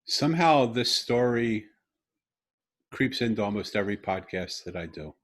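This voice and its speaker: A middle-aged man hosting a podcast over a video call, telling an intimate story earnestly with halting restarts and bursts of emphasis. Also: on the low side, animated, a bit bright. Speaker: podcast host. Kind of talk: conversational storytelling.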